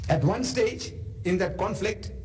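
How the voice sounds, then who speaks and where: A South African man giving a storytelling religious lecture, animated and full of conversational asides. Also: sits high, unhurried, slight background noise, rough recording. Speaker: Islamic lecturer.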